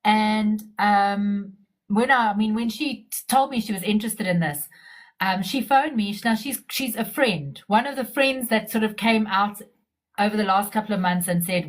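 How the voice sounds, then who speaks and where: A middle-aged woman on a casual live-stream chat, telling her story in a chatty, animated way with many restarts. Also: mid-range voice, moderate pace. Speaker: community member sharing her story.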